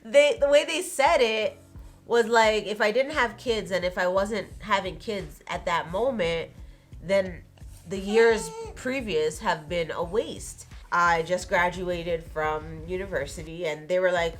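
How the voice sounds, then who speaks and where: A woman's voice: on the low side, unhurried, a bit bright, faint music behind. A young adult woman hosting her own channel, talking casually to camera in a conversational, opinionated way and laughing easily. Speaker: vlogger, channel host.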